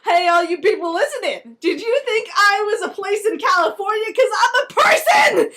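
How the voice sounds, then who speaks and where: A woman voicing a place turned into a brash male person who shouts. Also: very high-pitched, lively intonation, moderate pace, voice pushed up, exaggerated voice. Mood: gleeful.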